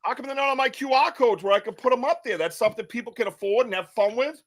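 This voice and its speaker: A man's voice: very high voice, quick pace, a bit bright. A man hosting a live podcast, chatting casually in a rambling, joking way and laughing often. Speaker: podcast host.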